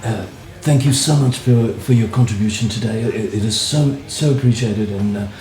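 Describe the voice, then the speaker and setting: A man putting on the voice of a polite, formal upper-class older English royal, speaking haltingly and courteously. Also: on the low side, darkish tone, roomy sound, soft background music, natural voice. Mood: gracious.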